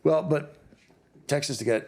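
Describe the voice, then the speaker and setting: A man's voice: on the high side, moderate pace, a little mellow. A middle-aged man hosting a casual interview chat, teasing his guest playfully. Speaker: host.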